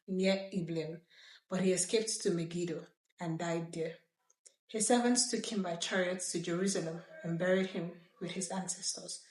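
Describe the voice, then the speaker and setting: A woman reading scripture aloud in a lively way, breaking off now and then for chatty asides. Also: fairly low pitch. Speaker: Bible reader. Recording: roomy echo.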